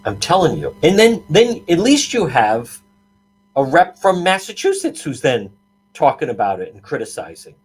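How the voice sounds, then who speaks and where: A man's voice: fairly high pitch, sing-song, normal speed, slightly rough. A man hosting a talk show, ranting with heated, sarcastic indignation and many restarts. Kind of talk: heated political commentary.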